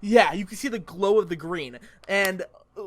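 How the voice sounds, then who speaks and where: A young man co-hosting a podcast, excitable and laughing often, talking in a casual, slangy way. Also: high voice, normal speed. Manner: excitable, laughing, lots of "dude" and "like". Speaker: podcast co-host. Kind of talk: casual chat.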